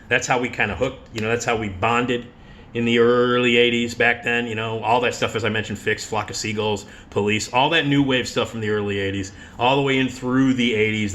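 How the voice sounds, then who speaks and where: A middle-aged man spins stories in a casual monologue, with a bright, forceful voice. He swears freely and laughs at his own stories. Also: lowish voice, slight background noise. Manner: animated, profane, laughs while telling stories. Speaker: radio host.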